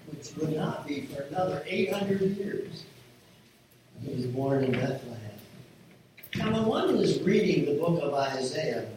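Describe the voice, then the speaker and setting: A man preaching a sermon as a pastor, earnest and measured in his emphasis. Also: on the high side, noisy background. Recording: echoey room heard from a distance.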